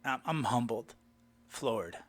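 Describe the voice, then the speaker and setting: A man telling a personal story in a lively way, retelling the dialogue line by line. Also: medium pitch, slow pace. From Southern United States. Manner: animated, retells dialogue with "I go" and "she goes".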